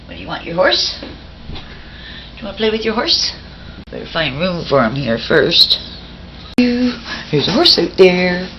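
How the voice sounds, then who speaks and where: A woman's voice: fairly low pitch, sing-song, unhurried, pauses often, highs cut off, slight background noise. A woman filming her pet at home on a handheld camcorder, coaxing and praising it in cooing baby talk. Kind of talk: home video chat with a pet.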